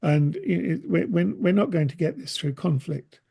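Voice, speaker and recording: A man's voice: high-pitched, sing-song, moderate pace, creaky, mellow, husky. A man in the audience joining a casual discussion, earnest and rambling, often restarting his sentences. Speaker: audience member.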